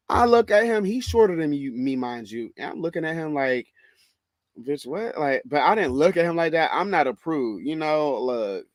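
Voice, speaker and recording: Southern guy doing a storytime, sassy and cussing a lot, dry close sound, middle pitch. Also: no echo. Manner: animated, profane, sassy, calls listener "bitch" and "girl". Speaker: vlogger telling a story. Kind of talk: casual storytime monologue.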